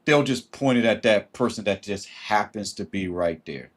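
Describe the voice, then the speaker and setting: Man, somewhat low voice, casual livestream chat, animated, acts out thoughts in voices, greets viewers. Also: moderate pace. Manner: greets viewers mid-sentence. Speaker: livestream host.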